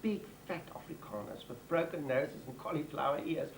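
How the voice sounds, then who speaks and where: A man's voice: a little high, normal speed, noisy background, lightly acted. An actor playing a chattering, self-important white Johannesburg woman with a South African accent in a TV comedy. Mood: brassy. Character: brash gossipy middle-aged white Johannesburg woman. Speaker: comic lead. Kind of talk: TV comedy acting.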